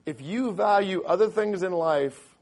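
With a high, raspy voice and an unhurried pace, a middle-aged pastor preaches, swelling to loud emphasis each time he reads from scripture.

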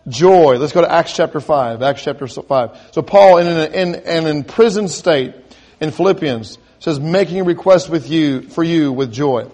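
Delivering a sermon, this man poses questions to his listeners and climbs toward emphatic peaks, with frequent restarts and repeated words. He has a slightly high, darkish voice and an unhurried pace.

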